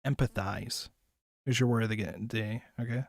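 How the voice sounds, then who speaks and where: An anime reviewer and streamer from the United States, a young man, chats casually and ramblingly about anime, using plenty of filler words and swearing. His medium-pitched voice is steady in tone, creaky, and at a normal speed, captured in studio quality with no room sound.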